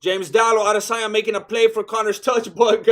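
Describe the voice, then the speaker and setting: Dude calling a fight live, voice all shredded and raspy, pretty high, goofy and hyped. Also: male voice, a little fast. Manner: excitable, joking, sprinkles Spanish slang. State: hoarse, worn-out voice. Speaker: fight watch-along host.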